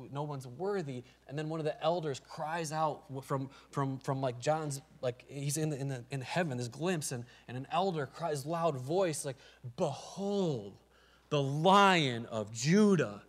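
A man's voice: mid-range voice, fairly bright tone. A man with a Midwestern American accent, a pastor preaching a sermon in a casual, conversational way and often repeating words as he starts a phrase.

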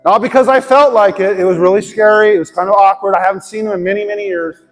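A man preaching from the pulpit with a high, ringing voice. He tells his story in an earnest, heartfelt way. The church hall adds a long reverb, with soft music underneath. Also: fairly even intonation, quick pace. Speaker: pastor. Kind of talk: sermon with personal story and prayer. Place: church sanctuary.

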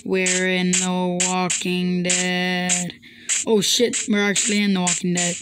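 A woman's voice: lowish voice, little pitch movement, slow, over loud music, low-quality recording. A woman hosting a casual Minecraft let's play, chatty and profane, talking back to the game characters. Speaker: gaming video host.

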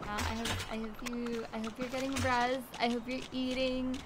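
Young female streamer, bright-pitched and chatty, noisy home stream audio. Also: flat delivery, moderate pace. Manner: bubbly, chatty, talks to viewers while playing, frequent gasps and laughs. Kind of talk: casual live game stream chat.

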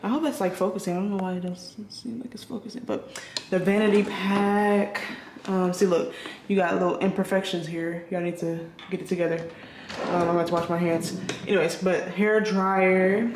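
A woman's voice: fairly low pitch, fairly even intonation, normal speed, echoey room, background noise. A woman filming a casual vlog in a hotel room, rambling and chatty with lots of fillers. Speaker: vlogger.

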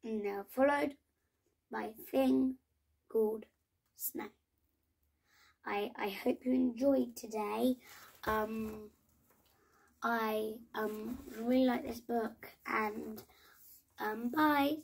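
A woman reading a children's picture book aloud in a slow, gentle way, with small restarts. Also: fairly high pitch, fairly even intonation, gravelly, husky. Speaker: storybook reader.

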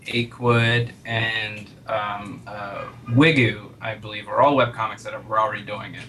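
A man with a bright, forward voice, telling a story in a loose, unhurried way and stopping for "uh" and "um". Faint hiss sits under the recording. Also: fairly low pitch. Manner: relaxed storytelling, chuckling, many fillers. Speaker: webcomic artist guest. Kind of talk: casual interview chat.

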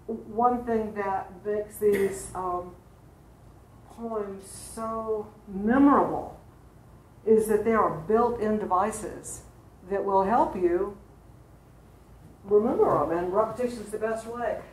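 A woman's voice: medium pitch, takes it slowly, a little mellow, slight background noise. A woman teaching an adult class in a church classroom, lecturing in a chatty way with fillers and asides to her students. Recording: roomy classroom recording.

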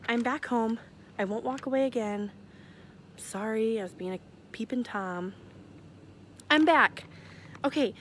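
Brief: young woman, phone live stream outdoors, chatty and giggly, mid-pitched, faint outdoor hiss behind. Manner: chatty, giggly, self-deprecating. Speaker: livestream host announcing charity winners. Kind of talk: casual live-stream chat. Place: outdoors near her house at night, walking around. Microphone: phone held at arm's length.

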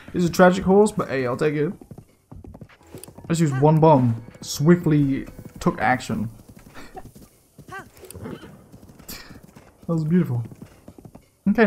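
A young man commenting on his gameplay casually, excitable and swearing, often yelling in surprise. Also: a little high, slow pace, long pauses, a little hiss or hum. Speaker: let's play gamer.

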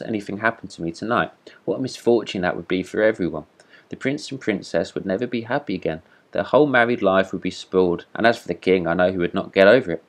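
A man voicing a pompous, vain talking firework rocket in a read-aloud storybook, haughty and indignant. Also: low-pitched. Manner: haughty, self-important, indignant.

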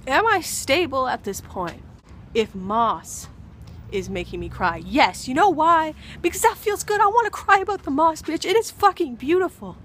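A young woman filming herself outdoors at a rainy baseball field, rambling and swearing, her voice jumping from loud outbursts to near whispers. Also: sits high, lively intonation, measured pace, a little hiss or hum. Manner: profane, rambling, swings from shouting to whispering. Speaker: vlogger. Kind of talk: rambling comedic vlog monologue.

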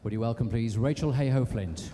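A man's voice: mid-range voice, fairly quick, a loud crowd. A man hosting a live tribute evening, introducing guests and asking them conversational, leading questions. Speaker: event host. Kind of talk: live event presenting and interviewing. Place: large civic hall, live event. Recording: long hall reverb, faint background noise.

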